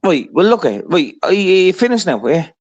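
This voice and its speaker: A man's voice: high voice, sing-song, fairly quick, darkish tone, highs cut off. A man with a Scottish accent hosting a live stream, pressing with the same questions again and again and stumbling over his words. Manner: pressing, repetitive questioning, stammering restarts. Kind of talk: heated live-stream argument.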